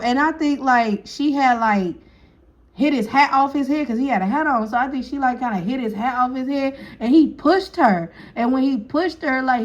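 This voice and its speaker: A woman's voice: high-pitched, highs cut off. A woman telling a casual storytime, acting out each person's lines and laughing often. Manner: animated, acts out quotes, laughs often.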